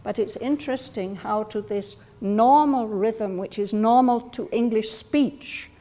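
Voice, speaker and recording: Woman, study group leader, slow thoughtful delivery, warm mellow tone, long hall reverb. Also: on the high side. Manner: slow, thoughtful, gently explaining. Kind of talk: reflective group discussion.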